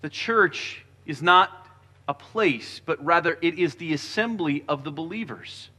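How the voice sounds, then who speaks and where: Pastor guy preaching, kinda high bright voice, earnest, gets quieter on the bible readings. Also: expressive, measured pace. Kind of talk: sermon.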